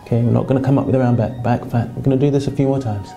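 A man calmly guiding viewers through floor stretches as a fitness instructor, often checking in with "okay?" as he goes. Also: mid-range voice, rapid-fire, over music. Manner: calm and reassuring, frequent "okay?" check-ins. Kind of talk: exercise instruction.

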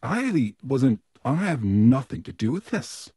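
A man doing a smug, husky evil puppet. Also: medium pitch, big pitch swings, warm tone, no echo, clean studio sound, exaggerated voice. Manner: slow, drawn-out, theatrical delivery with smug laughs. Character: evil male puppet neighbor, smug, menacing, easily flustered. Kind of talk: fan audio role-play.

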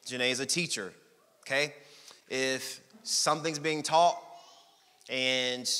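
A man preaching a sermon as pastor, energetic and joking, with bursts of shouting. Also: medium pitch. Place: church sanctuary. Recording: long hall reverb.

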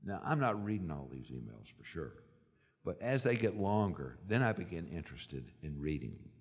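A man on a lawyers' panel explaining in a measured way how he supervises his associates. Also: low voice, big pitch swings. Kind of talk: panel talk. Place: conference hall. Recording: long reverb in a conference hall.

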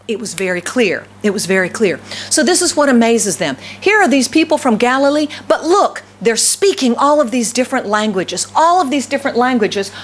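Southern lady pastor, light accent, lively preaching, lots of questions to the crowd, slightly high voice. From Southern United States. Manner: animated preaching with frequent rhetorical questions to the congregation. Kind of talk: sermon.

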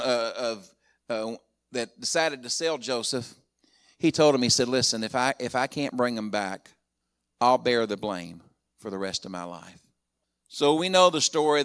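A man, a pastor, preaching a sermon in a storytelling way, retelling a scripture story and voicing its quotes, building up loud at key points. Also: mid-range voice.

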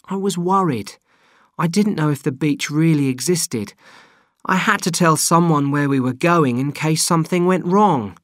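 A man's voice: a little high, moderate pace, no room sound, studio quality, voice pushed up, natural voice. A man voicing an anxious young backpacker. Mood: anxious, defensive.

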